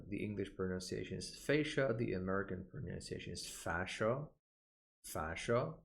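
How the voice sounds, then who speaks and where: A man teaching medical English from a textbook. He repeats terms slowly to model their pronunciation and often pauses with "uh" as he points to the page. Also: fairly low pitch, creaky. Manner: slow, deliberate, models pronunciation by repeating words; frequent "uh" fillers, points at the page. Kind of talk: textbook walkthrough lesson.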